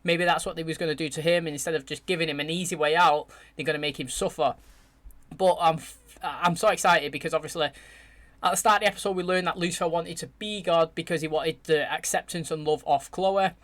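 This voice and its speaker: A man hosting his channel, chatting excitedly as he reacts to a show's finale and addresses his viewers directly. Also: on the high side, fairly quick. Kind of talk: casual reaction commentary.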